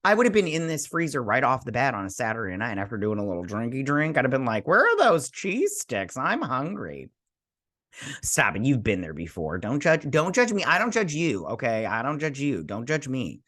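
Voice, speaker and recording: A man's voice: mid-range voice, sing-song, a bit bright. A man hosting a TV review show, recapping an episode in casual, rambling chat with self-deprecating asides. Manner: quickly acts out characters' lines. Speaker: TV review host.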